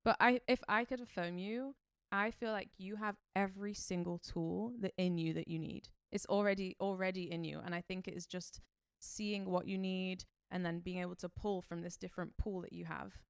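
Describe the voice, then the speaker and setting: A woman co-hosting a podcast, speaking calmly and reassuringly in reflective casual chat. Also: fairly low pitch, normal speed, vocal fry, hardly any pauses, clean tone, dry recording. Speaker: podcast co-host.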